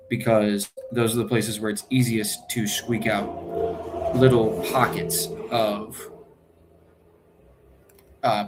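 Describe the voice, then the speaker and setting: A man's voice: mid-range voice, a little hiss or hum. A man streaming his fantasy football draft, thinking aloud in a casual, hesitant way and correcting himself as he goes.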